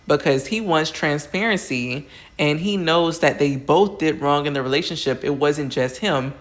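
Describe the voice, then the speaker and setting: A woman's voice: low voice, animated, normal speed, a bit bright. Chatty woman gossiping through a TV recap. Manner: chatty and gossipy, with fillers and asides to viewers. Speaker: reality TV recap host. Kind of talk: casual recap vlog.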